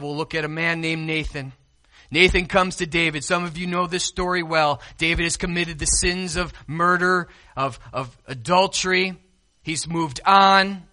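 Man, pastor preaching a sermon, high voice, hushed to loud swings, questions to the congregation.

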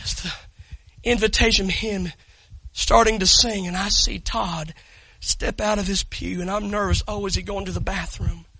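Brief: male preacher, very high voice, storytelling that bursts into shouting. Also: normal speed, husky, no room sound, rough recording. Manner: swings from hushed storytelling to loud excited shouting; talks directly to the congregation, calls people up. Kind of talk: sermon.

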